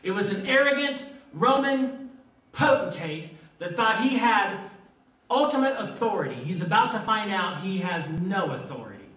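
Emphatic older pastor, high voice. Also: male voice, animated, a bit bright. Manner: emphatic, repeating key lines, slowing down for stress. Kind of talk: sermon. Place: church sanctuary. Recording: echoey church from a distance.

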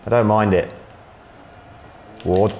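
A man's voice: fairly low pitch, steady tone, takes it slowly, darkish tone. A man, chatting with dry, self-deprecating humour as a guest during a video game session. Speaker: guest comedian. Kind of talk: casual banter while gaming. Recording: roomy echo with faint room noise.

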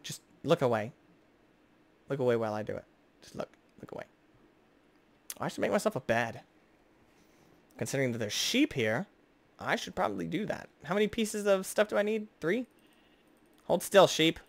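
Excitable young man narrating gameplay. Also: fairly high pitch, moderate pace, creaky, long pauses. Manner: excitable, jokey, talks to the game's creatures. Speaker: gaming video host. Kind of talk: casual gameplay commentary.

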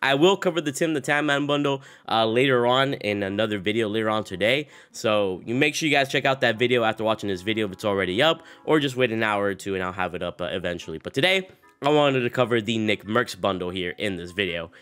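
A man's voice: on the low side, lively intonation, quick pace, a bit bright, clear, resonant tone, faint music behind. A young man with a sick voice, giving casual, upbeat gaming commentary as a channel host, rambling with fillers. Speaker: gaming YouTuber.

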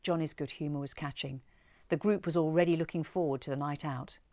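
Lady reading a storybook out loud, expressive, lower voice, dry close sound. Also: brisk, no room sound.

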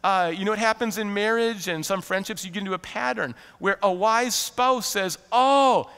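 Bright-voiced male pastor preaching. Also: high voice, moderate pace, clean tone, in a large hall. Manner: animated, conversational preaching with laughs and acted-out quotes. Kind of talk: sermon. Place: church sanctuary.

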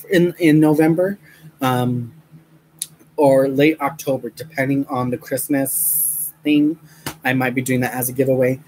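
A man's voice: on the high side, darkish tone, slight background noise, rough recording. A young man chatting to his viewers while crafting, rambling with many fillers and frequent laughs, mentioning a headache. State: has a headache. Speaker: crafting vlogger.

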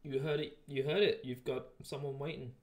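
A man's voice: medium pitch, steady tone, a little fast. A man hosting a live stream, chatting casually and joking in rambling banter. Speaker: livestream host.

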